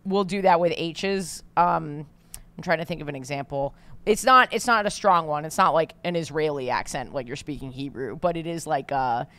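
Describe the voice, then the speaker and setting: A woman with a New York accent chatting on a podcast, her voice raspy with vocal fry, joking and self-deprecating. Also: sits low, moderate pace, fairly bright tone. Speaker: podcast host. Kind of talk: casual chat.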